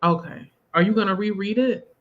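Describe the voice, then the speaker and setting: A woman's voice: mid-range voice, moderate pace, a crowd in the background. A woman hosting a live video call, talking in a loose, chatty way and breaking into laughs. Her audio comes through dull and lo-fi, like a stream over a video call. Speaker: livestream host. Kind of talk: casual livestream chat.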